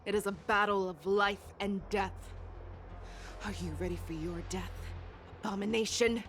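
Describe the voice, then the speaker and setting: A woman's voice: mid-range voice, steady tone, fairly bright tone, a little hiss or hum, natural voice. A woman playing a stern, commanding game general. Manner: commanding, measured.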